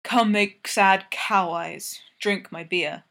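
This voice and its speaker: A woman's voice: lowish voice, a little slow, fairly bright tone. A woman reading aloud, voicing a sleepy, teasing male hockey player who speaks in clipped, broken English. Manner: clipped broken English, drops small words.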